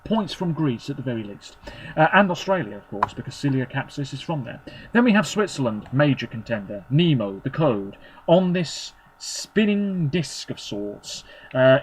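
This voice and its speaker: A man giving opinionated solo commentary, chatty and sarcastic, with quick verdicts in short clipped phrases. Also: on the high side, slight background noise, low-quality recording. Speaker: Eurovision commentator.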